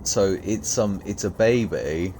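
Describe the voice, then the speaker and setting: Young male streamer, deep and unhurried, giggly, casual chat, faint noise. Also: dark tone. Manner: rambling, giggly, loose. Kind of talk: casual gaming commentary.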